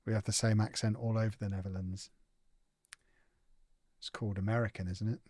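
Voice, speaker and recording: A man's voice: lowish voice, little pitch movement, fairly quick, dark tone, dry recording. A young man hosting a casual live gaming stream, reading out chat and answering it with playful, teasing banter.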